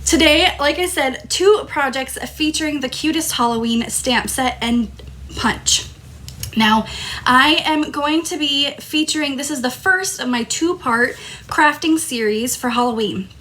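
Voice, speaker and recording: A woman's voice: high voice, unhurried, bright, forceful tone, slight background noise. A woman hosting a live crafting stream, talking casually and apologizing as a throat tickle keeps making her cough. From Tucson, Arizona. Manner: apologetic, chatty. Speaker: crafting host.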